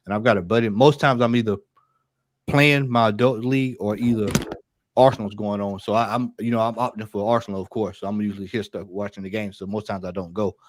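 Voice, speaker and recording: An American man with a fairly low voice chats casually and quickly about football. He's relaxed and easygoing, rambling and loose with his words, against a noisy background.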